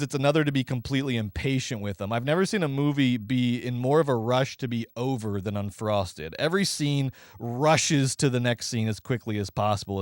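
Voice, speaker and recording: Male podcast film critic, sarcastic and animated, lively pitch, dry booth sound. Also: dry recording. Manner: sarcastic, animated, rapid riffing. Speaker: podcast co-host, movie reviewer. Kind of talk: casual movie review chat.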